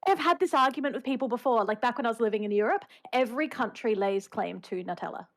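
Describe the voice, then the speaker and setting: A woman's voice: on the high side, expressive, fast. A confident woman player who laughs often, chatting casually at a tabletop game.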